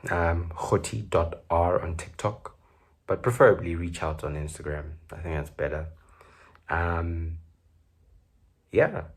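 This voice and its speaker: A South African podcast host with a deep, husky voice chats solo in a loose, joking way, his talk full of fillers and carrying a South African accent.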